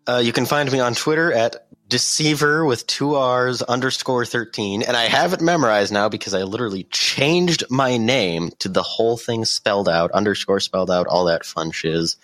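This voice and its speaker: A man's voice: mid-range voice, moderate pace, few pauses, fairly bright tone, no room sound. A teenage boy chatting casually as a podcast guest, blunt and jokey. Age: teens. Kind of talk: casual chat.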